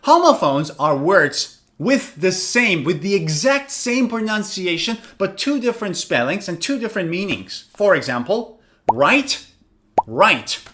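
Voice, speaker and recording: Man, english teacher, high voice, lively swoops, clear deliberate explaining. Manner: clear, deliberate, demonstrates words slowly. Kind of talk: online lesson explanation.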